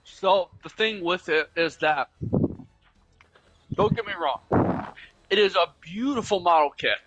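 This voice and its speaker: A man's voice: sits high, unhurried, fairly bright tone, dull audio, slight background noise. A young man chatting casually over voice chat while gaming, explaining things at length with lots of fillers. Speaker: gaming channel host.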